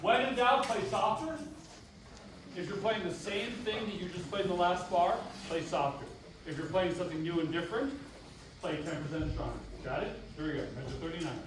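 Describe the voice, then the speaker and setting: A man's voice: sits high, fairly quick, background noise. A man working as a band clinician, giving rehearsal instructions, counting off and singing rhythms on syllables. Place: large rehearsal room. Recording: echoey rehearsal hall, far mic. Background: band playing.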